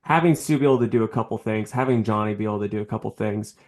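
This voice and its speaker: A man co-hosting a podcast in casual chat, animated and acting out quoted characters for laughs. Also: lowish voice, rapid-fire. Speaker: podcast co-host.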